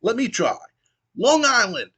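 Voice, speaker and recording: A brash male wrestler who whines and demands attention from the crowd, as a man reads his lines aloud. The voice is pushed up high and sounds loud and insistent. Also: wildly swooping pitch, unhurried, slightly rough, heavily acted. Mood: indignant. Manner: whiny, demanding.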